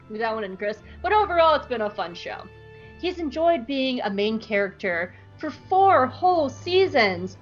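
A woman hosting a podcast, giving a snarky, joking episode recap in a fairly high, lively voice. Her pitch bounces around a lot. The audio is a little dull, with faint music behind her. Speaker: podcast host.

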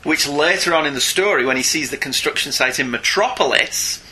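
A man co-hosting a casual comics podcast, animated and often laughing, with quick asides. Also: a little high. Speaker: podcast co-host. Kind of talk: casual chat about comics.

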